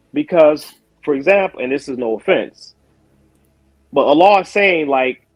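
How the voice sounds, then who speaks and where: A man taking part in a casual spoken debate over a video call, talking in loose asides and quick self-corrections. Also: fairly high pitch, dry recording, poor audio. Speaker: Muslim guest in a debate.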